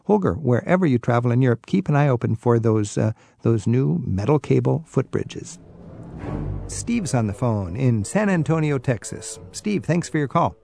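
Gravelly, mellow radio travel host. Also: male voice, mid-range voice, very animated, normal speed, dry recording, faint music behind. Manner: friendly, informative, chuckles with callers. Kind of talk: call-in radio chat.

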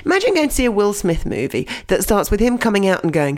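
A woman's voice: mid-range voice, quick pace, few pauses. A woman storytelling coach giving an audio blog lesson in a playful, direct manner. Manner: animated, playful, direct to listener.

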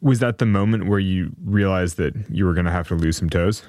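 A man's voice: deep voice, brisk, darkish tone, dry recording, clean studio sound. A man hosting a podcast interview, easygoing and casual, often repeating words as he asks questions.

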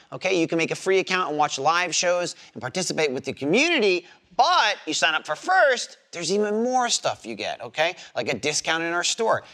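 A man from New Jersey, a podcast host chatting casually and playfully, with swearing and lively jokes. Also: high-pitched. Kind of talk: casual chat.

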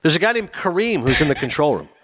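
A man's voice: fairly high pitch, fast talker. A man co-hosting a podcast in casual chat, telling stories with energy and acting out the voices of the people in them. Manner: animated storyteller, acts out quoted voices. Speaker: podcast co-host.

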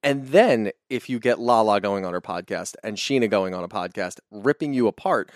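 A man's voice: fairly low pitch, expressive, moderate pace, no room sound, studio quality. A man co-hosting a casual reality-TV recap podcast, speaking frankly and emphatically. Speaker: podcast co-host.

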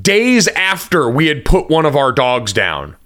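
A young man hosting a podcast, telling quick, self-mocking stories in casual chat. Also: fairly high pitch, big pitch swings, sharp tone. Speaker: podcast host.

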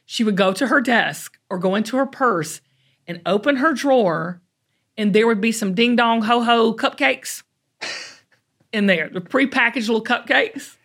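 A woman from the American South with a Southern accent, hosting a podcast in an animated, folksy, chatty way. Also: fairly high pitch, measured pace. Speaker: podcast host. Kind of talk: casual chat.

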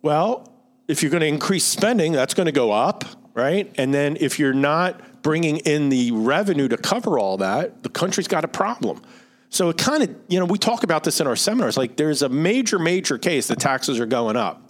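A man's voice: fairly high pitch, very animated, moderate pace. A middle-aged man with a Philadelphia accent, hosting a retirement-planning podcast in a conversational, explanatory way that keeps checking in with "right?". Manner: explanatory, reads out figures, asks rhetorical "right?". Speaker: financial advisor podcast host.

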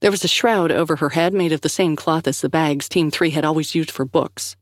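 A woman narrating a story in a steady, measured reading. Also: deep voice, no echo, clean studio sound. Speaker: audiobook narrator. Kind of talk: scripted narration.

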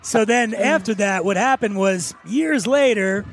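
A high-voiced man hosts a casual radio chat show. He talks in a chatty, teasing way with his guest. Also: measured pace, creaky.

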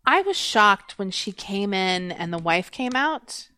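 Animated woman podcast guest. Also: medium pitch, unhurried, clean tone, dry recording. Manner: animated, laughing easily. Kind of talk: casual movie chat.

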